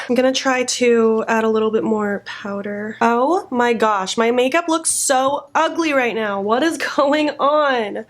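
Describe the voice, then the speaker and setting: A woman's voice: a little high, unhurried, few pauses. A young woman chatting through a makeup tutorial, self-critical and easily frustrated. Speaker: beauty vlogger.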